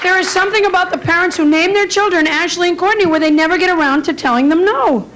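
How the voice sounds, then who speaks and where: High-voiced woman chatting with a crowd. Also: fast talker. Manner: chatty, talks directly to the audience. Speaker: stand-up comedian and emcee. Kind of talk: stand-up comedy set. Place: comedy club stage before a laughing audience. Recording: live club recording with crowd noise.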